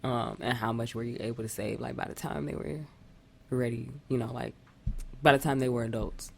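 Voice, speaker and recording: A woman's voice: a bass voice, fairly even intonation, brisk, creaky, a little mellow. A woman co-hosting a podcast in casual chat, her voice stuffy and nasal from a cold, rambling with restarts. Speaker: podcast co-host.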